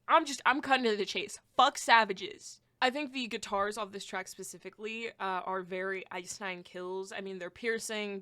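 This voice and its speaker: A young woman hosting a podcast, giving a casual album review, excitable and blunt, swearing freely as she gushes and rants. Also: mid-range voice. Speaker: podcast host.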